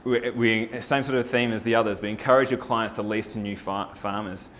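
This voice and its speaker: Male presenter, low register, upbeat persuasive forum pitch. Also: a little fast, slight background noise. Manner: energetic, rallying, with rhetorical questions to the audience. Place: live talk at a farming forum.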